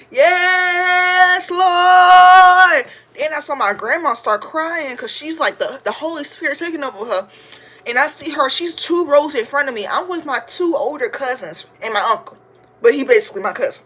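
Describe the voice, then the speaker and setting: A woman in her twenties hosts a podcast, telling listeners a funny story in a chatty, slangy way and calling them y'all. Her voice is husky and on the high side, and she sometimes bursts into loud, shouted praise.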